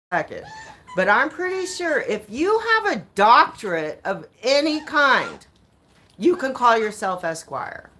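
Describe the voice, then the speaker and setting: Indignant woman recounting a court fight. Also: fairly high pitch. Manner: animated, indignant, swears, acts out quoted exchanges. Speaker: vlogger recounting her court case. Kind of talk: casual storytelling to viewers.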